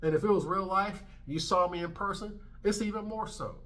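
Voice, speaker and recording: Man in his thirties, vlog host; brash emphatic rant, bright tense tone. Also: sits high, fairly quick. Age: 30s. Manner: brash, emphatic, swearing freely. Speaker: commentary channel host. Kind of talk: ranting commentary vlog.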